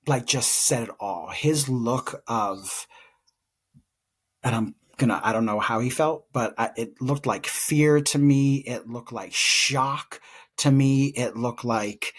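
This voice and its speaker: A young man with a slightly husky, breathy voice recounts a personal story as a podcast co-host. He speaks earnestly and reflectively, his voice carrying open emotion as he works through a painful memory. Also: mid-range voice, slow.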